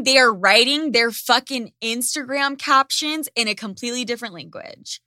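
A woman's voice: on the high side, moderate pace, bright, forceful tone, no echo, clean studio sound. A woman hosting a casual chat, ranting sarcastically and swearing freely. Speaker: podcast host.

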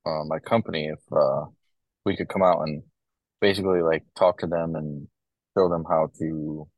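A man's voice: very deep voice, moderate pace, no echo, dull audio. A young man, a corrections officer, telling stories in casual conversation, loose and full of fillers. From Ohio, US. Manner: relaxed storytelling, many fillers. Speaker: podcast guest, corrections officer.

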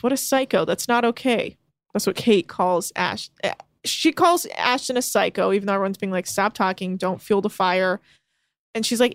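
A young woman with a fairly high voice, animatedly recapping a reality show on a casual podcast. She retells the scenes and acts out what each person said, and the sound is close and dry with no room around it. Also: no echo. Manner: animated storytelling with quoted voices. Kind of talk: casual chat.

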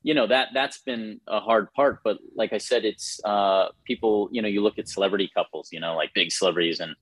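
A man's voice: fairly low pitch, a little fast, dry recording. A man chatting casually and earnestly, rambling a little with many fillers. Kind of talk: casual chat.

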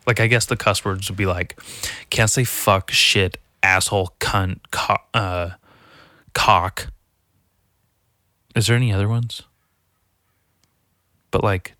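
A young man riffs through a loose, swear-heavy comic monologue, mocking himself and everyone around him. His voice sits fairly low but carries a bright, forceful edge. It sounds close and dry, with no room around it. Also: dry recording. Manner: profane, rambling, self-mocking; mimics people in high squeaky voices. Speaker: solo podcast host. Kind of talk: rambling comedic monologue.

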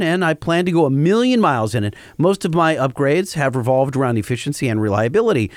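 A man's voice: on the high side, no room sound, studio quality. A man co-hosting a podcast, chatting casually and reading listener questions before explaining technical points. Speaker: podcast co-host.

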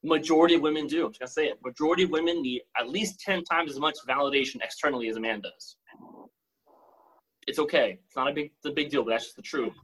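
A man's voice: a little high, quick pace, a bit bright, slight background noise, rough recording. A man talking assertively about dating as a co-host, giving blunt advice in a lecturing way. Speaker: podcast co-host. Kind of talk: casual dating talk.

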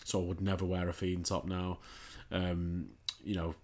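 A man's voice: deep voice, flat delivery, moderate pace, darkish tone, a little hiss or hum. A young man co-hosting a casual chat, rambling in a laid-back way with hesitations. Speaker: podcast co-host.

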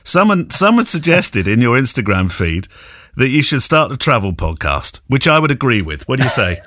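A man's voice: mid-range voice, big pitch swings, moderate pace, bright, forceful tone, dry recording, clean studio sound. A man hosting a podcast, chatty and jokey, often stumbling over his first words. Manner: chatty, jokey, stammering restarts. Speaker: podcast host. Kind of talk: casual podcast chat.

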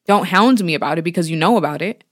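A woman's voice: fairly low pitch, expressive, fast talker. A young woman co-hosting a podcast, talking in casual chat with a blunt, frank, slangy manner. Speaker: podcast co-host.

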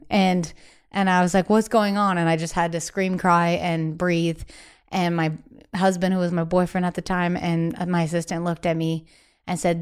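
A young adult woman, a singer-songwriter being interviewed, talking candidly and casually, with frequent "like" fillers and lively acted-out quotes. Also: on the low side, clear, resonant tone. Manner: chatty, many "like" fillers, acts out quoted voices.

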